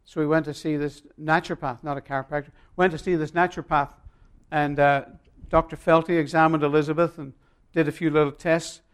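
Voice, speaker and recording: A male pastor preaching a sermon, emphatic and swinging between loud and quiet, telling stories with long pauses. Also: on the high side, little pitch movement, clean tone.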